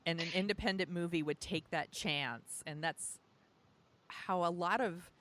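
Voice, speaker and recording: A woman's voice: fairly low pitch, unhurried, a bit bright. A woman co-hosting a podcast, chatting casually about films in a gushing, filler-heavy way. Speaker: podcast co-host. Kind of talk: casual film chat.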